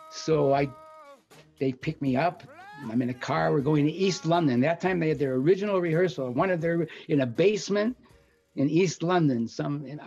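A man's voice: fairly high pitch, gravelly, muffled recording. An older man from Chicago, a guest telling rambling, profane stories and acting out the people he quotes. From Chicago, USA. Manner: rambling, profane, animated quoting of others. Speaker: guest recounting music industry career. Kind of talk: casual storytelling.

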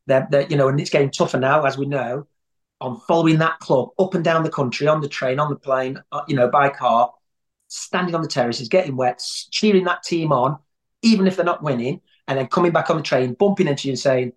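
A man's voice: fairly high pitch, a little fast. A man telling long anecdotes in a rambling, conversational way as an interview guest. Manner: rambling storyteller, many restarts.

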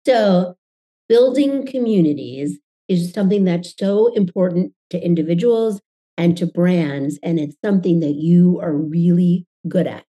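A woman's voice: lowish voice, unhurried, dark tone. A woman hosting an interview podcast, introducing her guest and asking questions in an enthusiastic, friendly way. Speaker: podcast host.

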